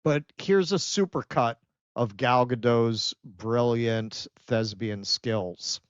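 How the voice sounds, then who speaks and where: A man hosts a political commentary podcast, trading sarcastic, profane jabs in animated bursts. The recording is dry and a little dull, as if from a basic home setup. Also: medium pitch, takes it slowly, clean tone, no echo. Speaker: podcast host.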